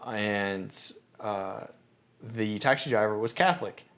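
A man hosting a podcast, telling personal stories in a chatty, animated way. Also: fairly low pitch, takes it slowly. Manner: chatty, animated, many fillers and restarts. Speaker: podcast host. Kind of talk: casual storytelling.

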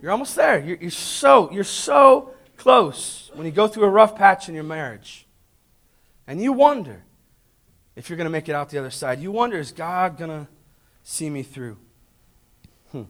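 High-voiced preaching man, loud then hushed. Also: very animated, moderate pace, pauses often. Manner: preaches with call-and-response to the congregation; swings from loud emphatic peaks to hushed asides. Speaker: pastor. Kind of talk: sermon. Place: church.

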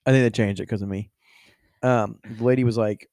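A man's voice: fairly low pitch, steady tone, brisk, darkish tone, no echo, studio quality. A young man hosting a casual podcast, joking and swearing freely, laughing often. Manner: joking, profane, laughs often, breaks into silly impressions. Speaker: podcast host.

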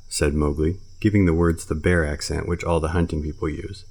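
A man reads a classic storybook aloud in a steady, even manner. His voice sits very low. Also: a little fast, vocal fry. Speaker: narrator. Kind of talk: storybook reading.

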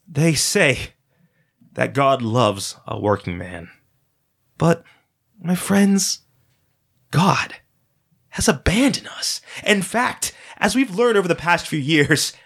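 A bald, silky-voiced auctioneer with a game-show-host charm and a cold streak, as a male narrator puts him on. His voice sits well above the reader's own, and he stretches his words like a preacher working a crowd. Told as part of a dark spoken story. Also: on the high side, slightly rough, voice pushed up, exaggerated voice. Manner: preacher-like oration, drawn-out words. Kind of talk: story reading.

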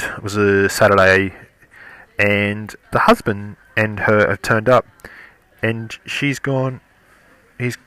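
A man tells a casual story and keeps circling back, stumbling and restarting his sentences. His voice sits a little low but sounds bright and forceful. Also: dry recording. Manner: rambling, halting, many restarts. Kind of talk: casual anecdote.

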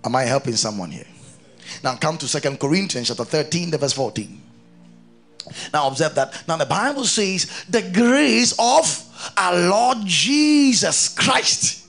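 A man preaching a sermon, reading scripture aloud and keeping on questioning his congregation in an animated way. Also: high voice, creaky. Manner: reads scripture aloud between explanations.

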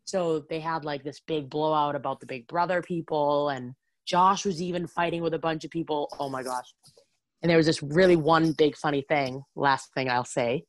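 A woman chatting casually about reality TV, full of "like" and quick asides. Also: low-pitched, dry recording. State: has the hiccups.

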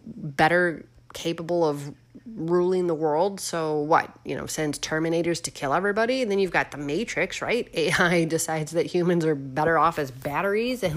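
Rambling, musing woman chatting casually. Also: lowish voice. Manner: musing, rambling, full of fillers; asks the audience questions. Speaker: host. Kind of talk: casual chat.

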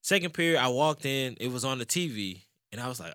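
A man's voice: medium pitch, animated, quick pace, pushed and bright, clean tone, no echo. A man in his late thirties sharing laid-back anecdotes in casual podcast chat. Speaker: podcast co-host.

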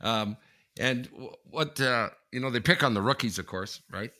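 Rambling man, bright and dry. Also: medium pitch, normal speed, no room sound. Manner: rambling storyteller, many restarts. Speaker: podcast co-host. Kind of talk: casual chat. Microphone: headphones on video call.

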